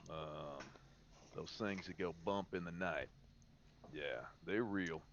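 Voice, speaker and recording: A man's voice: low-pitched, slow, a bit bright, dull audio, slight background noise. A man voicing a crude, boastful male Marine monster hunter with a put-on Southern redneck accent and a swaggering, profane drawl.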